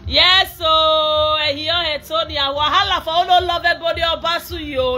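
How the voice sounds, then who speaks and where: A young Nigerian woman chatting excitedly to fans on a live video, slipping between English and Pidgin and bursting into shouts and laughter. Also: very high-pitched, moderate pace, few pauses, faint music behind. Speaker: social media personality.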